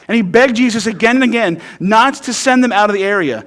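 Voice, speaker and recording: High-voiced pastor preaching casually. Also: male voice, a little fast, fairly bright tone. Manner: conversational and humorous, often asks "right?"; emphatic storytelling. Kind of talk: sermon.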